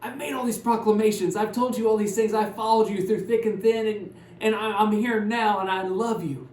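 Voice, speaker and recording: A man preaching voices an impassioned male disciple, pushing his voice up high and loud as he pleads his loyalty. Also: steady tone, moderate pace, roomy sound, slight background noise, lightly acted. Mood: indignant. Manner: loud, pleading, raised pitch.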